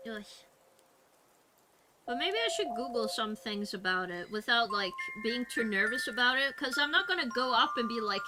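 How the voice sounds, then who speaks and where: A young woman streamer chatting casually and reading her live chat aloud, animated and giggly. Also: on the high side, normal speed. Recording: music playing behind.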